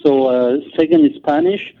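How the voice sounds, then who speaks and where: A man's voice: a little high, moderate pace, a little hiss or hum. French-accented man on a tinny phone line. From France. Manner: animated, many restarts and fillers. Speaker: guest. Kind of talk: interview on a call.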